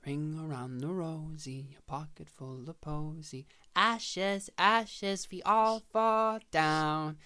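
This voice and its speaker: A sweet little four-year-old girl, obedient and trusting, speaking in a soft, high, slow sing-song, as a man game master puts her on. She sounds small and innocent, in a tabletop game's story. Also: flat delivery, smooth.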